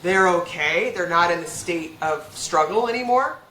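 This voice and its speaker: A woman veterinarian speaking frankly and casually as a podcast guest, talking in quick bursts with restarts. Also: on the low side, lively intonation, bright, forceful tone. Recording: echoey room with faint background hum.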